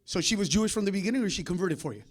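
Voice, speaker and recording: A man working a comedy club crowd delivers rapid-fire, animated stand-up that's crude and combative. He needles the audience, dropping to a low mutter one moment and shouting the next.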